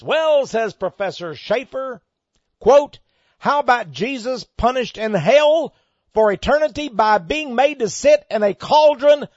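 A man giving an emphatic monologue, reading an article aloud and commenting on it, with sudden loud stresses. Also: very high voice, dry recording, highs cut off.

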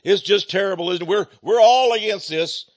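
A man's voice: high-pitched, brisk, no room sound, voice pushed up. A man mocking a whiny congressman. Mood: whining. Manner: whiny, fretful. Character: whining, hand-wringing male congressman.

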